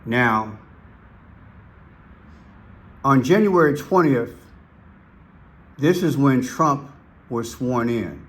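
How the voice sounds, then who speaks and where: This is a man at an unhurried pace, talking over clips he plays. He leans hard on key words and repeats them. His pitch sits in a middle range. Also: lively intonation, fairly bright tone. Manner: emphatic, stresses single words and repeats them. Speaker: commentary channel host. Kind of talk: slow, deliberate commentary over played clips.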